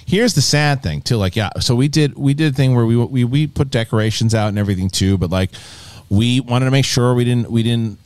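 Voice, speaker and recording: A man's voice: medium pitch, a little fast, few pauses, smooth, dry recording. A man hosting a casual live panel show, telling stories with lots of swearing and laughter. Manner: animated storytelling, swears, laughs often. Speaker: podcast host.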